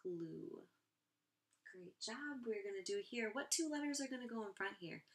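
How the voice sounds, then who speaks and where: A woman teaching a first grade phonics lesson online, encouraging and clearly sounding out each word for young children. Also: medium pitch, lively intonation, moderate pace, a bit bright.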